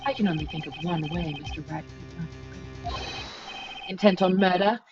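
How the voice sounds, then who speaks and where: A woman voicing a smug, condescending older male prosecutor who speaks in a smooth, drawn-out way. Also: fairly low pitch, darkish tone, muffled recording, close to an everyday voice. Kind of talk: reading a game aloud. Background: game music.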